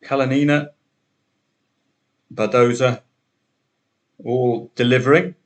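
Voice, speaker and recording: A man's voice: mid-range voice, steady tone, slow. A man hosting a solo betting podcast, talking through the day's matches in a chatty way with wry asides.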